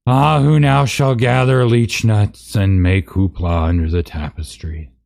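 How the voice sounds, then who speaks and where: A man's voice: fairly low pitch, steady tone, measured pace, creaky, a little mellow, pitched above the performer's own voice. A man voicing a grand, mournful elf queen in a sing-song, mock-solemn lament.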